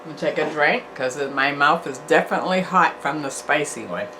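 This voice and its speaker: A woman's voice: low voice, brisk, background noise. An older woman hosting a casual food review vlog, chatty and encouraging, sometimes preachy and repetitive. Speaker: channel host, food reviewer.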